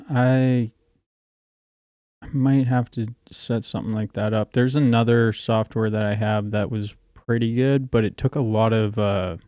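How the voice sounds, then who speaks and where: A man's voice: mid-range voice, warm tone, clear, resonant tone, no room sound, studio quality. A man hosting a casual livestream, chatting loosely with callers and swearing freely. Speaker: livestream host.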